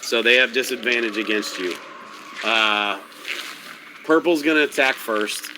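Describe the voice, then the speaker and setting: Man, game master, casual and profane, middle pitch, noisy recording. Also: a little slow. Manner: casual, profane, stop-start. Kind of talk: running a tabletop game.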